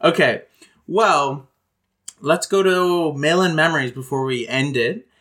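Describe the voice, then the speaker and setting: Bright, giggly male podcast host. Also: fairly high pitch, a little slow. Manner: giggly, excitable. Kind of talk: casual podcast chat.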